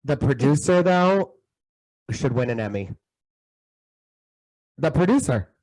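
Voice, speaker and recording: A man co-hosting a podcast, gossiping in emphatic, animated casual chat. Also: mid-range voice, slow, low-quality recording. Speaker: podcast co-host.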